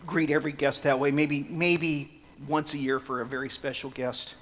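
A man preaching an expository sermon, swinging from hushed, slow passages to loud, emphatic ones. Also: on the high side, flat delivery, in a large hall. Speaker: pastor.

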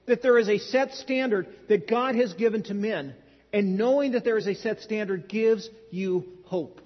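High-voiced husky pastor in a hall. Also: male voice, moderate pace. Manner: conversational storytelling with dry humor. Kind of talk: sermon. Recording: dull lo-fi sound in a large hall.

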